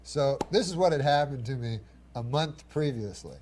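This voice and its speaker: A man, a guest comedian, telling a rambling anecdote in a dry, halting way, with chuckles and mimicked voices. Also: medium pitch, lively intonation, a little mellow, slight background noise.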